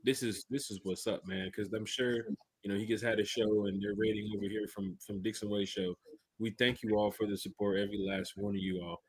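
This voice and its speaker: A man hosting a casual sports podcast, energetic and slangy, often repeating himself. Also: on the low side, a little fast, breathy edge, no echo. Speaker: podcast host.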